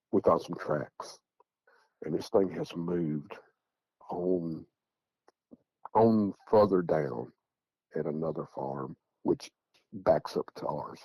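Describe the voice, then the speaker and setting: A man's voice: sits low, slow, pauses often, a little mellow, breathy edge, no echo, rough recording. A man telling a story in casual, rambling fashion, often repeating words as he goes. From Tennessee. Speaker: eyewitness guest.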